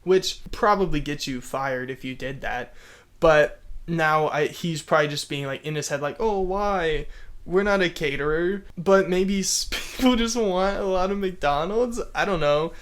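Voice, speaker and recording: Amused, fairly high-voiced man. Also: moderate pace, fairly bright tone. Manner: amused, chuckles often, sarcastic asides. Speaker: YouTube commentator. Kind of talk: casual comedic commentary reading comments.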